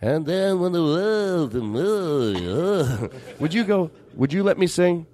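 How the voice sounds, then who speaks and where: A man's voice: on the high side, big pitch swings, slow, warm tone, dry recording. A man hosting a casual comedy chat, rambling and self-deprecating, tripping over his own words.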